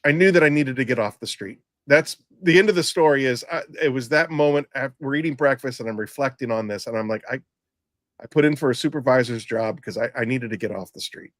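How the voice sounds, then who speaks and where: A man's voice: mid-range voice, fast, no room sound. Middle-aged guy rambling thru an old ems story, dry close mic, lots of restarts. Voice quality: rambling, frequent restarts and fillers. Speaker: podcast host, former EMT. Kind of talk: casual storytelling.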